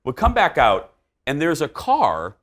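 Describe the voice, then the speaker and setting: A man's voice: on the high side, wildly swooping pitch, unhurried, fairly bright tone. A man hosting a talk show, telling a story in casual chat and acting out the dialogue.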